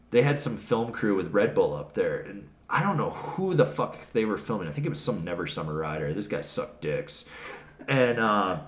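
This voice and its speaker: A man as a podcast guest telling stories in a blunt, profane, ranting way, recorded in an echoey room. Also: fairly low pitch. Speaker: podcast guest, snowboard reviewer. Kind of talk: casual interview storytelling. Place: trade show.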